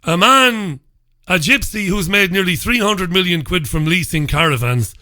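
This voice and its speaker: A man's voice: high voice, normal speed, bright, forceful tone, no echo, clean studio sound. A man hosting a radio talk show, reviewing the papers alone in a blunt, sarcastic and mocking way, often laughing at his own stories. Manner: blunt and profane. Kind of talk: solo commentary reviewing newspapers.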